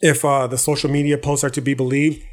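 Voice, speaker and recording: A man's voice: medium pitch, level tone, fast talker. A man hosting a podcast, talking through philosophy in a loose, profane, slangy monologue that keeps checking in with the listener. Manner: profane, slangy, loose street-talk delivery; frequent restarts and check-ins like "okay" and "right". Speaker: podcast host.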